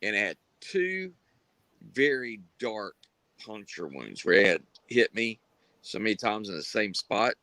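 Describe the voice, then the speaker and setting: A low-pitched man with a drawl spins a rambling tale on a live stream, stopping and starting as he goes. His voice is recorded close and dry, with no room sound. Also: sing-song, a little slow, bright, forceful tone, no room sound, low-quality recording. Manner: drawling, rambling with many fillers and restarts. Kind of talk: casual storytelling on a live stream.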